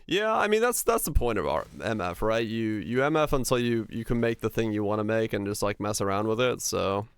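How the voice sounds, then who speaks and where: A man with a neutral American broadcaster-like accent, livestreaming and chatting casually in a relaxed, rambling way. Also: lowish voice, a little fast, hardly any pauses, smooth, no room sound. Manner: relaxed, rambling, many fillers. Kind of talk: casual chat while gaming.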